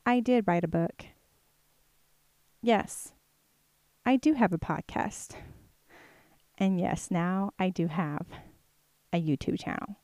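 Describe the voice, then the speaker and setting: A woman's voice: lowish voice, slow, pauses often, warm tone, dry recording. A woman author sharing a personal faith testimony in a chatty, earnest way, with many fillers. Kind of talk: casual testimony to camera.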